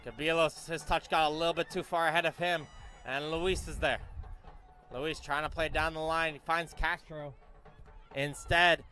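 Guy calling a youth soccer game, high bright voice, quick play-by-play. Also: steady tone. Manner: brisk play-by-play, self-correcting names. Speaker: play-by-play commentator. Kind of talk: live youth soccer commentary.

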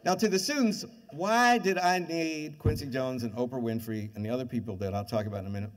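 A man's voice: on the high side, fast talker, few pauses. An older man giving a university lecture, telling stories and acting out the voices of the people in them. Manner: lively anecdotes, acts out quoted voices. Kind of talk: animated storytelling lecture. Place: lecture hall with audience. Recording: lecture hall reverb.

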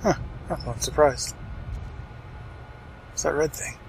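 A man's voice: fairly high pitch, slow, gravelly, a little hiss or hum, rough recording. A man casually commenting on his own gameplay, wry and chatty, muttering to himself and swearing now and then. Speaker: let's play host.

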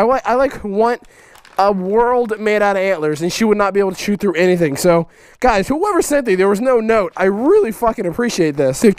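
High, excitable cussing vlogger guy. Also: no room sound. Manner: excitable, loud and heavily profane. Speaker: YouTuber host. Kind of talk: casual vlog, opening fan mail.

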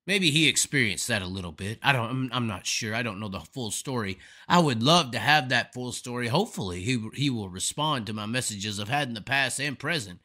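A man's voice: medium pitch, animated, fairly quick, few pauses, sharp tone. A man hosting a live stream, delivering a profane, emphatic, rambling rant of commentary. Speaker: host.

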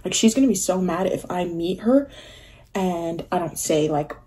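A young woman telling a story on her vlog in a casual, animated way, full of fillers and acted-out quotes. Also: fairly low pitch, moderate pace. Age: young adult. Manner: animated, filler-heavy, acts out quoted voices. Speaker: vlogger.

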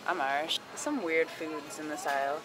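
A woman's voice: low voice, steady tone, moderate pace, low-quality recording. A young woman chatting casually in a vlog, giggly and full of filler words. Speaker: vlogger.

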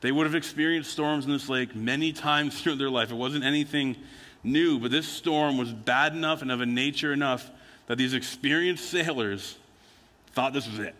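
A man's voice: mid-range voice, normal speed, pushed and bright. A man preaching a sermon as a pastor, telling stories in a conversational way and acting out the quotes. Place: church sanctuary. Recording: church hall with long reverb.

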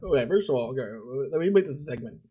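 A man's voice: a little high, expressive, rapid-fire, mellow, slightly rough. A male podcast host talking casually, telling rambling stories in slang and laughing often. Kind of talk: casual chat.

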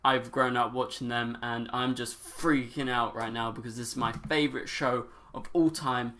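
Teenage guy, YouTube reaction vlogger, gushing, overexcited, mid-pitched voice. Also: steady tone, normal speed, pushed and bright. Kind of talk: excited reaction vlog.

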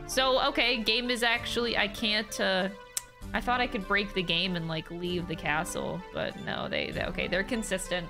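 A woman's voice: mid-range voice, moderate pace. A woman from the United States giving giggly, rambling gameplay commentary while streaming. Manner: giggly, rambling, reads game text aloud. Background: game music.

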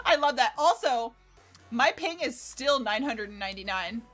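Bright, high-voiced excitable American woman. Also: slow pace, husky. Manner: excitable, swears freely, laughs often. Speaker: streamer. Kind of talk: casual livestream gameplay chat. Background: faint game music.

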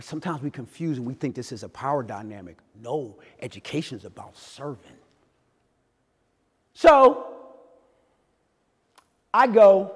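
Animated man speaking in an echoey hall. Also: fairly high pitch, breathy edge. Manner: animated storytelling, acts out voices, swings loud and quiet. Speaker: keynote speaker. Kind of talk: motivational talk to a live audience.

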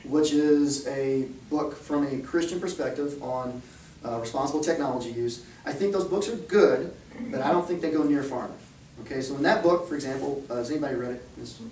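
A man's voice: fairly high pitch, darkish tone, slight background noise. A man giving a conversational talk to parents at a church, often checking in with the room with "okay?" and "right?". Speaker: speaker at a church. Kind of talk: talk to parents and youth leaders. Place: church hall. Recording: echoey hall, speaker far from mic.

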